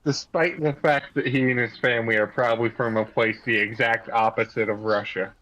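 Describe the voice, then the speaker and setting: A man's voice: mid-range voice, steady tone, fairly quick, fairly bright tone, dull audio. Rambling, argumentative male tabletop player. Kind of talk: casual play and banter.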